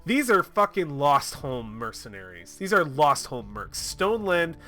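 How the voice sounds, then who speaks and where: A man narrating his solo tabletop game in casual chat. He is excitable and swears freely, with a lot of laughing. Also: fairly high pitch, unhurried, faint music behind. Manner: excitable and profane, laughing often.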